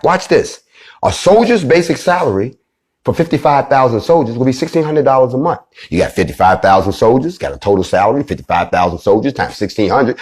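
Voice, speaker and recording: A man delivering a fiery, profane monologue, swinging between loud outbursts and low, grave preaching. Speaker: movement leader giving a speech.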